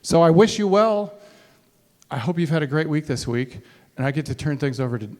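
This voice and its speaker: A middle-aged man giving a playful, animated motivational talk to sales trainees, acting out scenes with silly voices. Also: fairly high pitch, fairly quick, big-room sound. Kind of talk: animated storytelling talk to a live audience. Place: large hall before a college audience.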